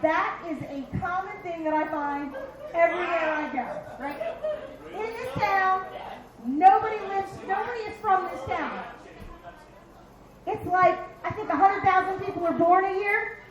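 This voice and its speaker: Comic, woman, 50s, from Philly: very high voice, brash and profane, echoey bar stage. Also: a little slow, dull audio, a crowd in the background. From Philadelphia. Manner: brash, profane, punchy delivery with acted-out asides. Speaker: stand-up comedian. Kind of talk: stand-up comedy set.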